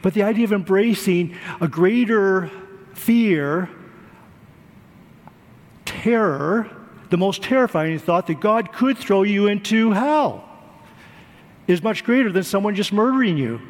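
Guy with a high voice giving an earnest sermon, long church reverb. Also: expressive, unhurried. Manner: earnest preaching, repeats words for emphasis. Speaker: pastor.

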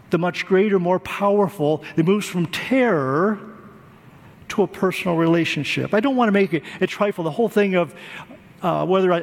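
A man's voice: sits high, in a large hall. A man preaching a sermon, earnest, repeating words for emphasis. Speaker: pastor.

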